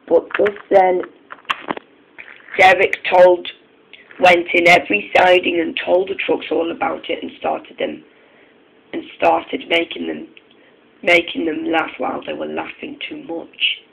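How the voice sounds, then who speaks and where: A man reading a railway storybook aloud, halting and restarting often. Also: high voice, gravelly, fairly bright tone, slight background noise, low-quality recording.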